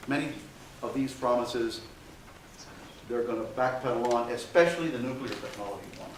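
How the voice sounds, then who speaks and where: A man's voice: medium pitch, moderate pace. A man giving a university history lecture in a conversational way, with frequent "okay" fillers and dry sarcastic asides. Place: lecture hall. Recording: very echoey hall, far from mic, faint hiss.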